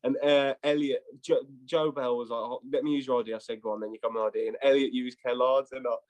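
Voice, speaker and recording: A man's voice: medium pitch, fairly even intonation, fast, darkish tone. A young man in his twenties, co-hosting a casual chat and telling laddish stories with plenty of swearing. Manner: laddish storytelling, swears freely. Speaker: podcast co-host.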